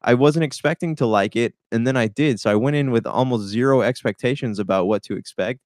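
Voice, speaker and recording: A man's voice: mid-range voice, fairly quick, a little mellow, no echo, clean studio sound. A man co-hosting a casual movie review chat, laid-back and hesitant, often saying "man". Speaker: movie podcast co-host.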